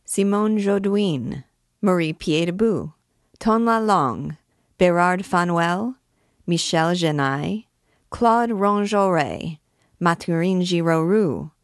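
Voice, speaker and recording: A woman voicing a boisterous male king of vagabonds who hawks loudly like an auctioneer, in a storybook reading. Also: on the low side, takes it slowly, dry recording, studio quality, voice pushed up. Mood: rowdy. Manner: loud, hawking like an auctioneer.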